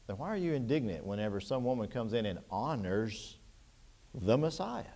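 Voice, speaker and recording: Lively-voiced man teaching a Bible class. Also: mid-range voice, moderate pace. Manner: conversational, asks the class questions. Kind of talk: church Bible class lesson.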